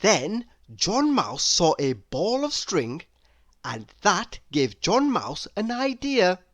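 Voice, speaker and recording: Slow, lively woman reading a storybook. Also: fairly low pitch, dry recording, clean studio sound. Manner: slow, expressive, asks the listener questions. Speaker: storybook reader. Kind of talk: children's storybook read-aloud.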